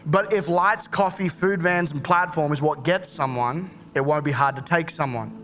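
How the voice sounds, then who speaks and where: A man, preaching a sermon in a relaxed, joking way and acting out short quoted exchanges. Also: a little high, soft background music. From Australia. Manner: conversational and jokey, acts out quick quoted exchanges. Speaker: pastor.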